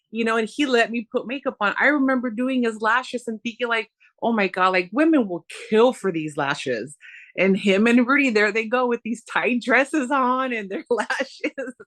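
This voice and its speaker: A woman in her forties, a guest on a podcast interview, telling stories in an animated, chatty way and acting out remembered dialogue. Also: on the high side, no room sound. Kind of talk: personal storytelling in interview.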